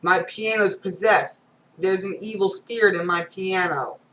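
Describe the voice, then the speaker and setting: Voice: medium pitch, a little slow, bright, forceful tone, a little hiss or hum, poor audio. A reader going through comic strips aloud, reading every panel and sound effect, with casual asides.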